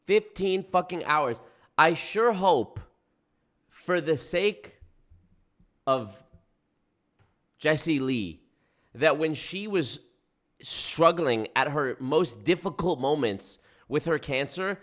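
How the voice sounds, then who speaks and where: A man in his twenties comments on a clip he is reacting to. He sounds sarcastic and disbelieving, with a slightly raised pitch. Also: expressive, slow pace, long pauses, a bit bright. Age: 20s.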